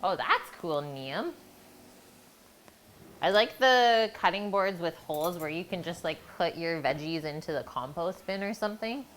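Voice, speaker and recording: Over a streaming mic with a little hiss or hum, a woman with a lowish, animated, unhurried voice hosts a live cooking stream. She talks chattily with her chat while preparing food in her home kitchen.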